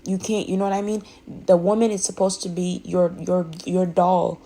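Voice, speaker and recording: Woman with a gravelly, husky, warm voice; candid and emphatic, rambling with restarts. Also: lowish voice, little pitch movement, normal speed, poor audio. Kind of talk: candid personal monologue.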